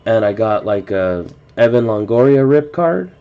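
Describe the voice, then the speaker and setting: A man runs a card-breaking live stream, chatting in a relaxed way, musing as he goes, and restarting sentences often. His fairly low voice is expressive and moves at a normal speed; the stream audio is dull, lo-fi and faintly noisy.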